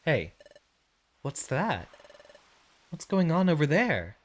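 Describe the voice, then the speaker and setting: Brief: man doing a timid young creature hero, nervous and hesitant, very animated pitch. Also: slow pace, exaggerated voice. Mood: gentle, concerned. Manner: nervous, hesitant, self-doubting. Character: timid young male creature hero, cowardly but hopeful.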